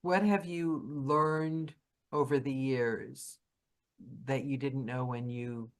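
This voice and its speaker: A middle-aged woman hosting a casual interview podcast, easygoing and quick to laugh. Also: a bass voice, fairly even intonation. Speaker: podcast host.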